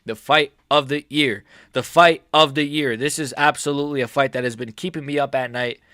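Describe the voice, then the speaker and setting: A man hosting a casual fight predictions vlog, excitable and jokey, swearing freely and correcting himself mid-sentence. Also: medium pitch, brisk, a little hiss or hum. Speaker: MMA prediction channel host.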